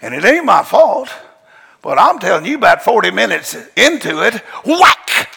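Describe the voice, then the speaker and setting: A high, animated male preacher with a gravelly, husky voice, telling his story in a folksy, emphatic drawl. His bright, forceful delivery rings out in a big hall with a long reverb. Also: normal speed. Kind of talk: storytelling sermon. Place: large church hall.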